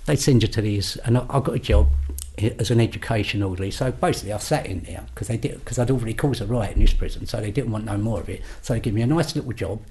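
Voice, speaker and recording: A man's voice: lowish voice, fast talker, few pauses. An older man with a London accent, a podcast guest telling stories in casual chat and acting out the voices of the people he quotes. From England. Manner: animated, acts out quoted voices.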